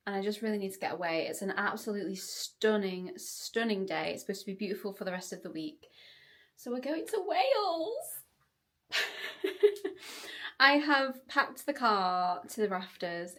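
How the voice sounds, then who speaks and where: A woman's voice: medium pitch, fairly bright tone, no echo. A woman chatting casually to camera from inside her car, thinking aloud and laughing often. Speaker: vlogger. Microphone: handheld camera.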